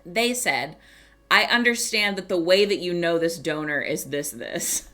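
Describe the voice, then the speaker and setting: A woman streamer telling a story in casual chat, animated, swearing and laughing often. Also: lowish voice, measured pace.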